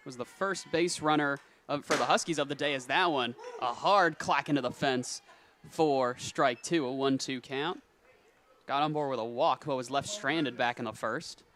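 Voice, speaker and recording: A young man calling play-by-play for a high school softball game, quick on routine calls and rising on big plays. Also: slight background noise. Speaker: play-by-play announcer. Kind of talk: sports commentary.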